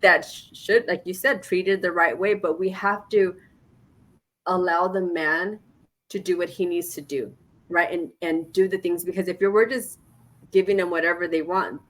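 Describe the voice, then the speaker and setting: A woman in her forties hosts a casual podcast chat in a slightly low voice. She tells stories with animation and drives her points home by repeating them. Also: normal speed. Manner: animated storyteller, acts out quoted dialogue. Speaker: podcast host.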